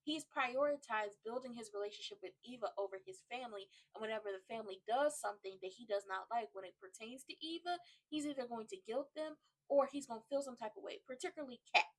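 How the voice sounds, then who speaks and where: A woman hosting a soap opera recap, talking in a blunt, animated, profane, casual way. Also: on the high side, quick pace, poor audio.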